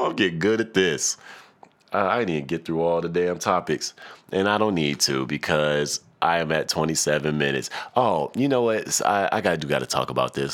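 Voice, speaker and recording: A young man with a very low voice talks alone into his podcast mic. He rambles, curses freely and slips into loose rap impressions between rants. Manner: profane, rambling, mimics rappers for laughs. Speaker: podcast host. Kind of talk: solo podcast rant.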